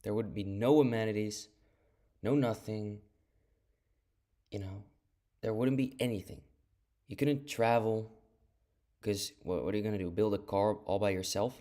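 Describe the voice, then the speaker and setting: A man's voice: fairly low pitch, normal speed, long pauses, warm tone. A man ranting on a live stream in a casual, profane and dismissive way, rambling and restarting his sentences, talking into an earphone mic.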